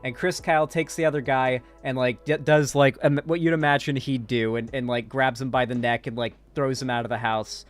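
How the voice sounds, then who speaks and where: A man's voice: medium pitch, fairly even intonation, a little fast, few pauses, soft background music. Sarcastic, rambling male commentator. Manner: sarcastic and profane, many fillers and restarts. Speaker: online commentator. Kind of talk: casual political commentary, recapping a movie.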